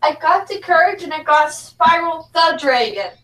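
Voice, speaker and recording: A woman with a fairly high voice chiming in briefly during an online chat. She sits well back from her mic, and the sound is roomy and echoey. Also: expressive, moderate pace, bright, forceful tone, far from the mic. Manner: brief, short replies. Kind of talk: casual podcast chat.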